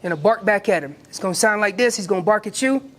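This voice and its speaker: A man with an American accent teaching an elk calling seminar, lively and acting out what the elk would say. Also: sits high, fast. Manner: animated, acts out elk calls and voices. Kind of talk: hunting seminar talk.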